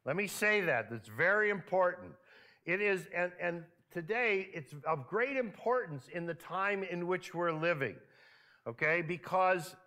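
A male pastor preaching from the pulpit of a church, talking to his people as if chatting with them. His voice is rather high and bright, and it rises and falls a great deal as he keeps tossing questions to the congregation. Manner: conversational, asks the congregation frequent questions. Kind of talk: sermon. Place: church sanctuary.

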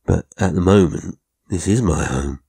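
A man's voice: low-pitched, moderate pace, vocal fry, warm tone, breathy edge, exaggerated voice. A man voicing a kind young male care assistant who talks in a friendly, reassuring way, for a ghost story audiobook. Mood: cheerful.

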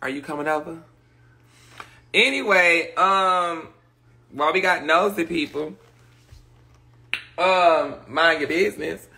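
A man's voice: a little high, slow pace, creaky, pauses often, bright, forceful tone. A man hosting a live stream, chatting casually with viewers in a brash, profane, gossipy way while he vents his frustrations. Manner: frustrated, ranting. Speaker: livestream host. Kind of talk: casual livestream chat. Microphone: phone or webcam on a live stream.

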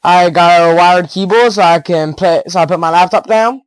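A teenage boy giving rambling, excitable gameplay commentary on a headset mic, with giggles and sudden loud outbursts. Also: high voice, normal speed, clean tone, no echo, poor audio. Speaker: gaming YouTuber.

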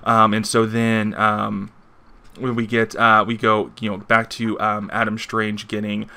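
Bright-voiced man rambling through a review. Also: on the low side, monotone, unhurried. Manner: rambling, many fillers, chuckles. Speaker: comic book reviewer. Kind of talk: casual video review.

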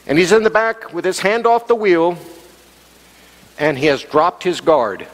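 A man preaching a sermon as pastor, animated and acting out the quoted voices. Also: high-pitched, measured pace, pauses often. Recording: long hall reverb.

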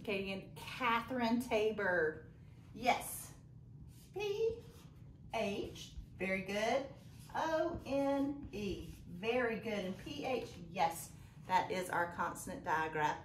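Woman, teacher, phonics lesson, slow and deliberate, encouraging, lively pitch, echoey room. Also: slight background noise. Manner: encouraging, praising students by name; slow, deliberate letter-by-letter spelling.

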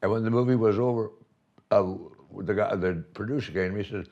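A man's voice: fairly low pitch, fast, darkish tone, lo-fi sound. An older man telling playful stories in a casual conversation, laughing often as he talks. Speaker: honoree in conversation. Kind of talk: casual reminiscing chat.

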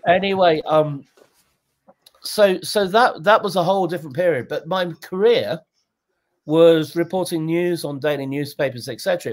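A man in his sixties, a guest telling candid, animated stories in a conversational interview. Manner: animated, jumps in pitch, acts out quotes.

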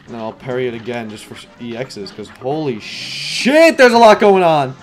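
A man giving rambling live gameplay commentary, excitable and prone to yelling when things get stressful. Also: medium pitch, moderate pace, faint music behind. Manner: rambling, filler-heavy. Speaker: gaming YouTuber.

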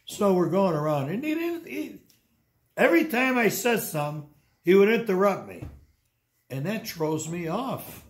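A man in his eighties telling blunt, gruff stories about running tours, in a casual sit-down interview at home. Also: on the high side, big pitch swings, moderate pace. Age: 80s. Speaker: interviewee and tour guide. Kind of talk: casual storytelling. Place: indoors at home.

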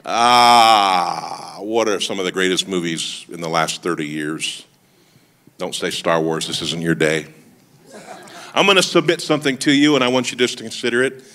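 A man's voice: low voice, normal speed, pushed and bright. A man preaching a sermon as lead pastor, telling stories with humorous asides and calling out to the congregation for responses. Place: church service.

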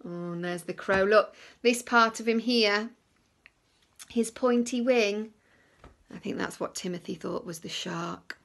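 A woman teacher reading a picture book aloud to young children, lively, with hushed whispered asides. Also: medium pitch, slow pace, gravelly.

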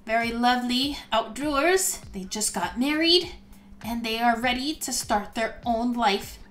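A high, excitable woman commenting on her own gameplay, gushing and gasping all the way through. She talks like a gaming host chatting to her viewers, and faint music plays under her voice. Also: a little slow. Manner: excitable and gushing, gasps often. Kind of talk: let's play commentary.

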